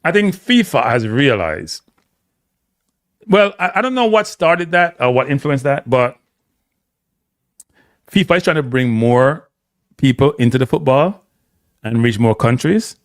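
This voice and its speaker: A Jamaican man talks on a live stream, blunt and opinionated, his pitch jumping up and down as he gets worked up. He swings between thick patois and standard English. The sound is close and dry, with hardly any room around it. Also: expressive, unhurried, pauses often, no echo. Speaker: host. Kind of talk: casual live-stream commentary.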